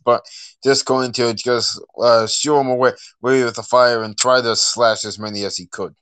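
Smooth-voiced, hesitant male player. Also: mid-range voice, fairly bright tone, dry recording. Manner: hesitant, many restarts. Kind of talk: casual chat at a game table.

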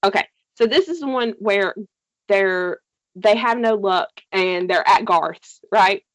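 A woman's voice: medium pitch, slow pace, no echo. A woman casually recapping a TV series with a co-host, telling it animatedly, swearing freely and laughing often. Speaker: podcast co-host.

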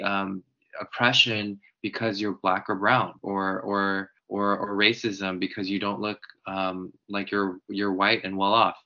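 Man on a podcast, bright forceful voice, kinda dull lo-fi sound, explains things steady and serious. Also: lowish voice. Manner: measured, explanatory, uses organizer terms. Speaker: political guest, former congressional candidate. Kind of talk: earnest policy talk on a podcast.

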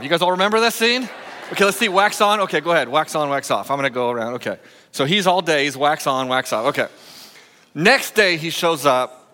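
A male senior pastor preaching a sermon in a playful, animated way, coaching a volunteer through a skit. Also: a little high, a little fast. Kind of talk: sermon with a live audience skit. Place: church sanctuary. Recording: long echoing church hall.

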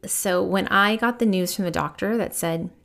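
A woman's voice: medium pitch, normal speed, creaky, fairly bright tone. A woman in her thirties, a podcast host and spiritual medium, telling a personal story in a candid, reflective way with many fillers. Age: 30s.

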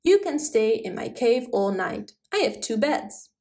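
A woman's voice: a little high, sing-song, measured pace, mellow. A woman voicing a fussy male hedgehog in a storybook reading, plaintive about his pie. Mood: fretful. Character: fretful male hedgehog, fond of cherry pie.

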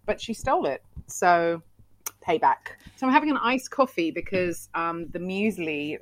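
A woman's voice: deep voice, slight background noise, rough recording. A woman from Iran, a chef and food writer, talking casually on a podcast in a rambling, self-mocking way. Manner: self-deprecating, rambling, laughs easily. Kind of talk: casual interview chat.

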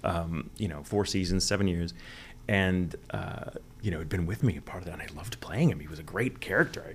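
A man's voice: low-pitched, a little fast, fairly bright tone. A man from the United States, a voice actor guest, chatting candidly in a rambling interview and swearing freely. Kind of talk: casual interview chat.

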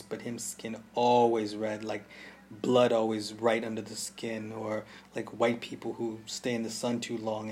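A man's voice: on the low side, darkish tone, a little hiss or hum. A man with a Jamaican accent narrating a story in first person, intense and vivid, voicing the sounds of gunfire. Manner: intense, mimics gunshot sounds. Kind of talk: audiobook narration.

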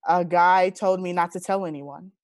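A woman in her thirties, pitched fairly low and talking at a moderate pace, recounts personal experiences during an interview. Her manner is earnest and heartfelt, full of animation, and the studio-quality audio has no room sound.

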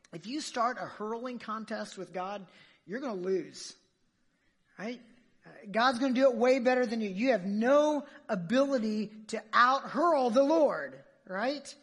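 Husky, lively woman preaching a sermon. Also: fairly high pitch. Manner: emphatic, rhetorical questions to the listeners.

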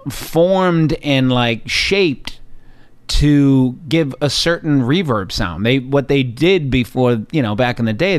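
A man, a singer, talking as a guest in a relaxed, reflective casual chat. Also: medium pitch, no room sound.

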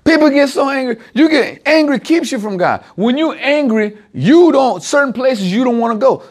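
A man with a notably high voice gives an informal sermon to a small group. He talks conversationally, tossing out rhetorical questions and chuckling as he goes. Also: animated, moderate pace.

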